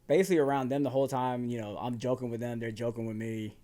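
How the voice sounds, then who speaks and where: Casual male guest from Virginia, slight Southern twang, relaxed storyteller who acts out quotes. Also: mid-range voice, fast. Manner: laid-back, drops into quoted asides, laughs often. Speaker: guest firefighter.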